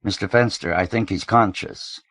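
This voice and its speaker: A man reading the part of a polite, fussy gray-haired gentleman with a faintly British-tinged manner, in an audiobook. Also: fairly low pitch, moderate pace, no room sound. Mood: concerned. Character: genteel gray-haired older gentleman, solicitous.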